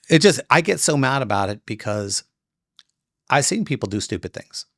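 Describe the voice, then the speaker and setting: A man hosting a casual chat, telling stories in an animated way and acting out quick asides. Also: mid-range voice, no echo, clean studio sound. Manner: animated storytelling with voiced asides. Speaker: podcast host.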